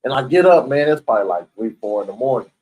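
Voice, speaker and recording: A man's voice: mid-range voice, lively intonation, fast, a little mellow, poor audio. A young man telling a story in casual, slang-heavy talk, acting out the voices of the people he quotes. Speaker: storyteller recounting prison life.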